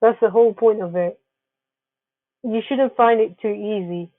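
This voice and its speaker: A woman's voice: mid-range voice, unhurried, dry recording. Woman presenter, narrated slides, earnest advice-giving tone, phone-quality audio, dry and close. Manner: earnest, advising, with frequent restarts. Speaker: wellness presenter. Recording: tinny phone-like, dry sound.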